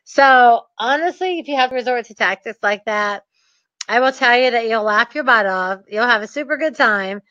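A woman telling a casual story to camera in an animated, laughing, mischievous way. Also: on the high side, normal speed, no echo, dull audio. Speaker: real estate dealmaker.

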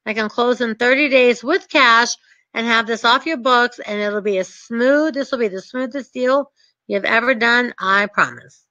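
Woman teaching short sales, brisk and sure of herself, bright voice, dry dull sound. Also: fairly high pitch, no room sound. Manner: brisk, emphatic, confident. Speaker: real estate investor and short sale coach. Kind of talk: teaching talk with acted examples.

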